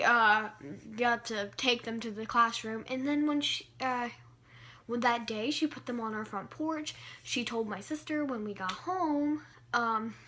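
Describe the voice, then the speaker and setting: Woman vlogger, story time, high bright voice, dramatic delivery.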